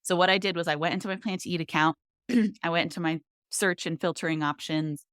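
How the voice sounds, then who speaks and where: Female podcast host, low smooth voice, upbeat conversational delivery. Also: steady tone, fast, fairly bright tone, no room sound, studio quality. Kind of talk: casual chat.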